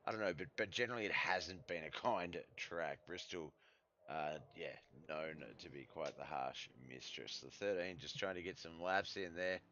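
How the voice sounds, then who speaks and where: Deep-voiced Australian man calling a sim race. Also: moderate pace, highs cut off, a little hiss or hum. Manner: relaxed, rambling, with frequent fillers and self-corrections. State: voice starting to go. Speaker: sim racing commentator. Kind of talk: live esports race commentary.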